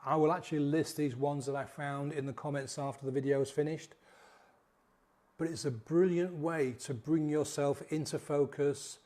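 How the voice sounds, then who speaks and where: A man's voice: a little high, fairly even intonation. A middle-aged man, a coach, guiding listeners through a repeated mantra and then explaining it. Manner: slow, soft, repetitive guiding. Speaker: sobriety coach. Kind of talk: guided mantra meditation and talk.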